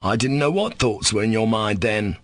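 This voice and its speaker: A man voicing a sickly, insolent male servant who speaks slowly and sarcastically with controlled defiance. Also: fairly low pitch, expressive, a bit bright. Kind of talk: audiobook character reading.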